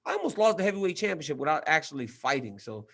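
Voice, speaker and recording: A man in his forties, a former fighter co-hosting a casual chat, telling lively stories and acting out what others said, often repeating his words. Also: fairly high pitch, fast, creaky. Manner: animated storyteller, acts out quotes, repeats words.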